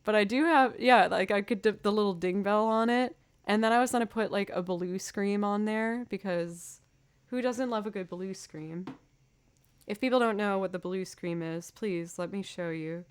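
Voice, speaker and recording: A woman's voice: medium pitch, normal speed, clear, resonant tone. A woman music streamer in casual live-stream chat, rambling, chatty and self-deprecating.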